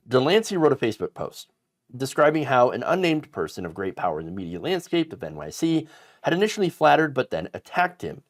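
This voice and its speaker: A man delivering political commentary with an indignant, emphatic edge. His pitch swings widely as he stresses words, and he stumbles through fillers and restarts as he talks. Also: big pitch swings, a little fast.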